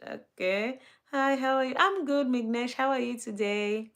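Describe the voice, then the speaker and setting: A woman's voice: a little high, measured pace, fairly bright tone. A woman hosting a casual livestream, reading out entertainment news and greeting viewers by name in a chatty, upbeat way. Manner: upbeat, laughs between items. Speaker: livestream host.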